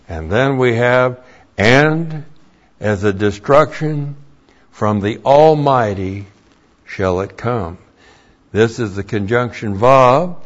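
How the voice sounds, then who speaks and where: A male Bible teacher speaks very slowly and deliberately, in a middle-pitched voice, laying out grammar point by point. He spells words out letter by letter and repeats key phrases for emphasis. The recording sounds dull and lo-fi.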